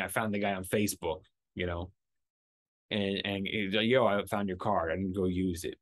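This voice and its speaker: A man hosting his own podcast, telling a story in a casual, animated and profane way, acting out what people said. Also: fairly low pitch, no echo, clean studio sound. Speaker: podcast host.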